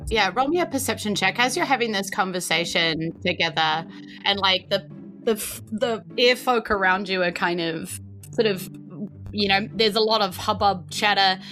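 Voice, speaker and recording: A woman's voice: mid-range voice, normal speed, bright, forceful tone, faint music behind. A woman with a New Zealand accent narrating as game master in a loose, rambling way. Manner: loose and rambling, with many fillers.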